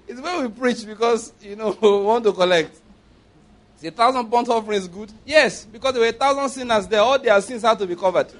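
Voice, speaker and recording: A Nigerian man preaches in a fairly high voice. He is playful and middle-aged, and he slips into acted-out dialogue as he makes his points. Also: fairly quick. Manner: playful, acts out dialogue, laughs often. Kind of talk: sermon with acted-out stories.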